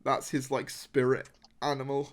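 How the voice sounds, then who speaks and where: A man's voice: mid-range voice, monotone, moderate pace. A man hosting a casual podcast chat, rambling with lots of fillers and laughs. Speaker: podcast host.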